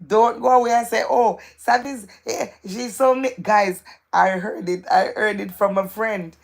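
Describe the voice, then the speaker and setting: A woman's voice: mid-range voice, steady tone, measured pace, gravelly. A woman hosting a live stream, reading viewers' comments aloud in a playful, gossipy way and repeating phrases for emphasis.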